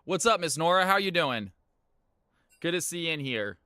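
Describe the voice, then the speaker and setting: Bright, smooth-voiced male streamer. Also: a little high, lively intonation, normal speed, dry recording, studio quality. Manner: playful, joking, laughs often, turns hype when casting. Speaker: streamer and game shoutcaster. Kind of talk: live stream chat and esports play-by-play.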